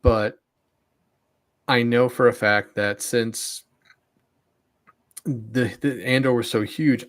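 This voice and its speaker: Guy on a fan podcast, casual, talks his opinions through, restarts a lot. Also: medium pitch. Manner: opinionated, repeats words when starting. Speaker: podcast co-host. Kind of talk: casual chat.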